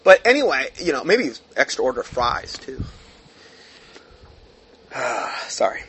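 A man's voice: medium pitch, very animated, a little slow, fairly bright tone, slight background noise. A man reading a news article aloud and breaking off into heated, sarcastic commentary, with many fillers. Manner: reads aloud then breaks off into heated asides; frequent fillers and restarts, sarcastic mockery.

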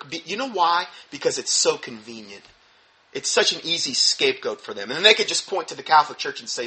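Male preacher, emphatic sermon delivery, bright and a bit high-pitched, quick mumbled asides. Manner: emphatic, animated, with sudden drops to mumbled asides. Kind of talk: sermon-style teaching talk.

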